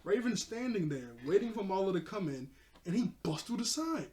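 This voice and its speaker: A man casually recapping a cartoon episode, excitable and laughing often as he talks to his viewers. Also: high-pitched, brisk. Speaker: cartoon reviewer.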